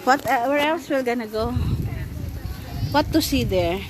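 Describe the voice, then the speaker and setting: A woman's voice: high-pitched, lively intonation, unhurried. A woman with a Filipino accent, casually chatting with her small child at the zoo in a coaxing, sing-song way. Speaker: mother filming her child. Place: outdoor zoo with crowds. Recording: crowd noise of a busy zoo.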